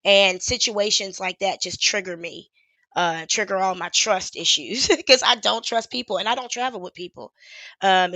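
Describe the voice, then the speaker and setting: A woman in her thirties chats frankly on a livestream, wandering from topic to topic and swearing now and then. Her voice is bright and forward. The sound is dry and close. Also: medium pitch, no echo. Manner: chatty, rambling, frank with swearing. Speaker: YouTuber. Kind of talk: casual livestream chat.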